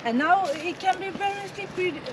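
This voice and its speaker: A woman chatting casually on a hike, a bit breathy from the climb and talkative. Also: extremely high pitch, a little fast, background noise. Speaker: travel vlogger. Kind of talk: casual chat while hiking. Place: outdoors on a hilltop.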